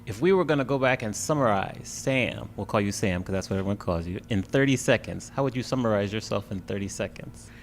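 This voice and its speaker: A man hosting a podcast interview, encouraging and quick to offer short affirmations. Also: lowish voice, animated, a little hiss or hum. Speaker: podcast host. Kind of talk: casual interview.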